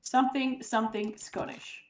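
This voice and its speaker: A woman's voice: high-pitched, fairly even intonation, normal speed, noisy background. A woman teasing her friends playfully in casual chat during a game. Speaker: fellow player.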